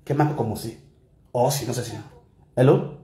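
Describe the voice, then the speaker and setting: A man with a Nigerian Pidgin English accent giving animated gossip commentary, switching languages and mimicking people. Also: medium pitch, fairly quick, roomy sound. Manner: animated, mixes Pidgin and Yoruba, shouts and mimics. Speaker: gossip vlogger. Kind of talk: excitable commentary vlog.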